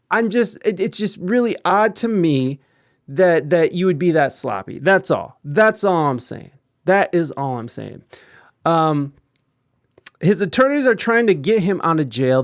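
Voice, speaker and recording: A man giving casual live-stream commentary, profane and animated, often acting out quoted voices. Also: sits high, dry recording, studio quality.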